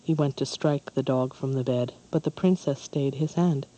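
A storyteller giving a measured, calm scripted narration of a fairy tale. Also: mid-range voice, poor audio.

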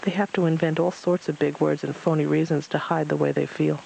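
A man's voice: a little high, little pitch movement, brisk, gravelly, a little mellow, a little hiss or hum, low-quality recording. A man voicing a world-weary stranger with a cane who sighs as he speaks, in a storybook reading. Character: weary old male stranger with a cane, sighing.

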